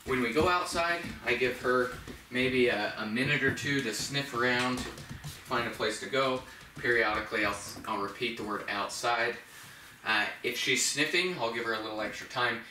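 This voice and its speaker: A man who trains puppies, calmly explaining a training method step by step and softly praising the dog. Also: medium pitch, moderate pace, noisy background. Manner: calm, plain explaining, with soft praise to a puppy. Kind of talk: instructional demonstration. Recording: echoey room, mic at a distance.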